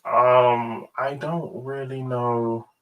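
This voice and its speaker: A man hosting a casual ranking review, rambling and hesitant with many pauses and fillers. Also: mid-range voice, level tone, a bit bright, recorded from a distance, slight background noise, rough recording. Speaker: host.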